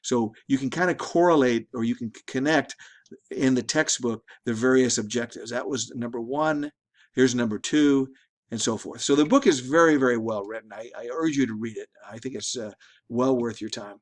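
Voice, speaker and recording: A man's voice: medium pitch, moderate pace. A middle-aged man teaching a statistics class in a conversational lecture, often repeating and restarting words. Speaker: statistics instructor. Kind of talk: recorded lecture.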